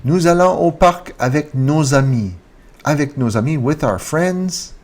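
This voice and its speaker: A man teaching grammar in a video lesson, repeating example sentences and lifting his pitch on the question words. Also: a little slow, darkish tone. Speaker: French teacher.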